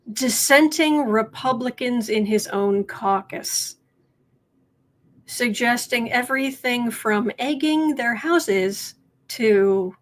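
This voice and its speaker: A woman hosting a tarot and politics livestream, talking casually with viewers, halting and restarting often as she thinks aloud. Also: fairly high pitch, fairly bright tone. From United States.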